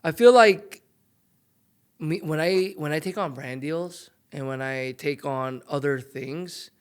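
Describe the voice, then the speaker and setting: A man's voice: a little high, takes it slowly, clean tone. A young man, a former pro golfer, chatting as a podcast guest in a loose storytelling way full of fillers. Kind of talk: casual interview chat.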